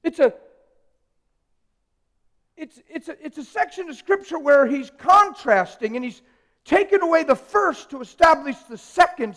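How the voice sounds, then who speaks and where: A man with a very high voice preaches a live sermon, swinging between hushed, almost whispered asides and loud, emphatic declarations. He jokes easily with the congregation. His voice rings with the long reverb of a church hall.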